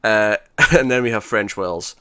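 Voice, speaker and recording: A man's voice: lowish voice, measured pace, sharp tone, clean tone, no room sound, studio quality. A man hosting a podcast, chatting casually and animatedly as he recaps TV episodes, laughing often. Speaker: podcast host.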